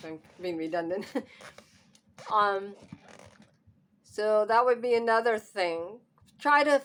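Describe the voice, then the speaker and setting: A woman's voice: mid-range voice, a bit bright. Hard-of-hearing woman vlogger, upset, near tears, nervous laughter, camera mic at home. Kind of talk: emotional personal vlog.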